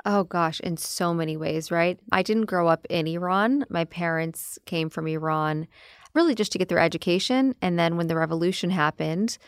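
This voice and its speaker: A woman guest in a podcast interview, chatty and animated, laughing easily. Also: fairly low pitch, normal speed, clear, resonant tone, dry recording, clean studio sound. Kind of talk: interview conversation.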